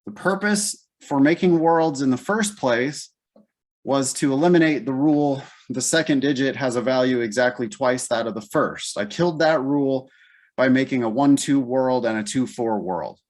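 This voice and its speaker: A man's voice: mid-range voice, moderate pace, darkish tone. A man leading a live test-prep class, thinking aloud step by step in a casual way. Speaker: LSAT teacher.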